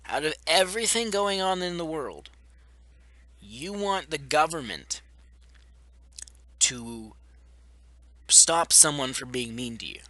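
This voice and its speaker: Speaking to camera, this young man delivers a sarcastic, foul-mouthed rant as a vlogger, often ridiculing his opponents. The pitch is fairly high and the tone sharp, captured in a dry recording.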